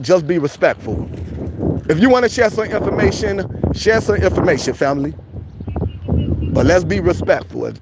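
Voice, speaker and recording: Preachy man livestreaming by a noisy street. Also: high voice. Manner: preachy and repetitive, calls viewers family. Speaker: livestream host. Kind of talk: casual livestream chat.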